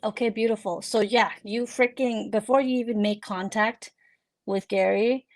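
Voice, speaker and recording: A woman's voice: fairly high pitch, fairly even intonation, normal speed. A woman narrating as game master of a tabletop game, casual and giggly with many fillers.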